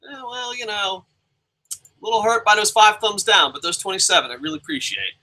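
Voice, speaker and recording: A young man hosting a casual live review alone, reading viewer comments aloud and swearing freely as he jumps between loud outbursts and mumbled asides. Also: high-pitched, a little fast, slight background noise, poor audio. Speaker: show host.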